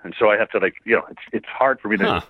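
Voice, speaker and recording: A man's voice: fairly low pitch, very fast, no echo. A laughing, swearing older man on a tinny phone line. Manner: rambling, laughing, swears freely. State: gets hoarse quickly. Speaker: voice actor interviewee. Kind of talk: casual phone interview.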